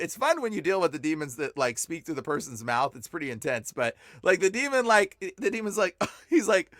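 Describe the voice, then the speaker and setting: A man, a podcast guest, telling stories in a rambling, animated way, full of fillers and laughing as he talks. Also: on the high side, brisk, few pauses, dry recording, clean studio sound. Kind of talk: casual storytelling.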